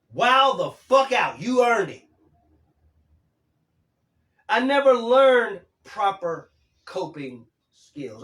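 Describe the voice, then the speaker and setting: A man's voice: high voice, pushed and bright, roomy sound. A man in his fifties hosting a casual livestream, talking emphatically and swearing casually as he reads and answers viewer comments. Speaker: livestream host.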